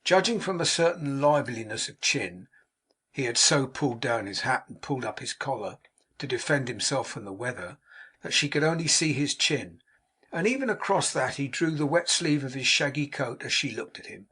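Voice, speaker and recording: A man narrating an audiobook of a classic novel in a measured, expressive way. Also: medium pitch, slightly rough. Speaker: audiobook reader.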